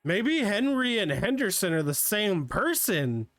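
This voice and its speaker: A man's voice: high voice, sing-song, a little slow, a bit bright, no room sound, faint music behind. A man casually commentating a game playthrough, joking and thinking aloud about the case. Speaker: game streamer. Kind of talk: casual let's-play commentary.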